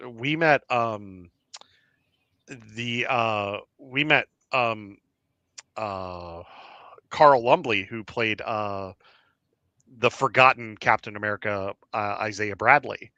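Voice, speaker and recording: Bright voiced guy rambling thru a story, lots of um and like, dry close mic. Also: lowish voice, slow pace, long pauses, no echo, lo-fi sound. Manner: animated anecdotes with lots of fillers. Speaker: podcast host. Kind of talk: casual storytelling chat.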